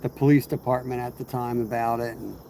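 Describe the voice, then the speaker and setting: A man's voice: medium pitch, steady tone, a little fast, creaky, warm tone. A man hosting a fishing livestream outdoors, rambling casually and answering viewers' chat as he fishes. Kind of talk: casual live-stream chat while fishing. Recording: outdoor insect and cricket noise.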